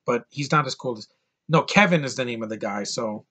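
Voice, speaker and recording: A man's voice: medium pitch, a little fast, bright, forceful tone. A man giving a casual, rambling spoken film review, enthusiastic and full of restarts. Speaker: movie reviewer.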